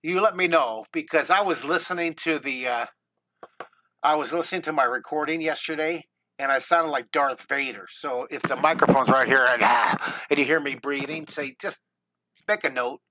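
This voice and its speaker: Middle-aged male art teacher streaming live, keen and talkative, bright tone, a bit high. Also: normal speed. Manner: enthusiastic, chatty, talks to viewers by name. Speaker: drawing teacher. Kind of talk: live-streamed drawing lesson. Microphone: desk microphone close to mouth.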